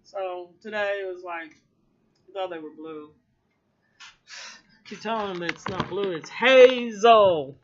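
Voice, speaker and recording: A woman's voice: fairly low pitch, unhurried, pauses often, dull audio. A woman talking casually to camera in a rambling vlog, swearing freely and laughing often. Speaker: vlogger.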